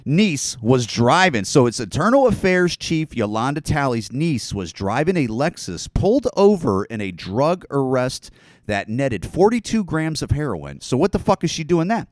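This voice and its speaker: A man's voice: a little high, sing-song, moderate pace, no room sound. A man hosting a podcast alone, talking in a rambling, profane, sarcastic way. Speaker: podcast host. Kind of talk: casual solo podcast rant.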